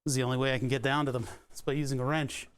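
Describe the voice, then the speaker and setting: A man's voice: medium pitch, flat delivery, racing, clear, resonant tone. A man from Philadelphia with his local accent, chatting casually while taking apart a piece of studio gear on a live stream, muttering to himself and swearing at stubborn bolts. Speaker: electronics repair streamer. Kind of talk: casual live teardown chat.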